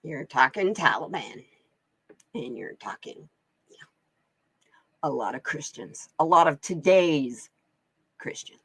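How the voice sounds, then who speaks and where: A woman's voice: sits low, animated, slow, long pauses, a bit bright, husky, no room sound. A woman from Oregon hosting a live card-reading stream in casual chat. She talks in a chatty, exclamatory way and laughs often. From Oregon, USA. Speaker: host and card reader.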